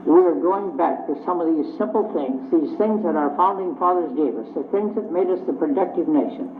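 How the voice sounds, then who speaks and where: A man's voice: fairly high pitch, a little fast. Older man giving a folksy speech. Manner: plainspoken storyteller, acting out both sides of conversations. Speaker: speaker addressing a club luncheon. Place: meeting hall. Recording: echoey, tinny old vinyl recording with faint hiss.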